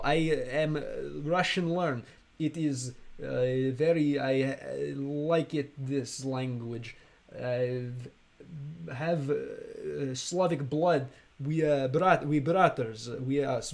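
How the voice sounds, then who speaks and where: A man's voice: medium pitch, vocal fry, a little mellow. A man putting on an eager broken-English beginner. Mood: earnest. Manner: halting, slow, with dropped words and pauses.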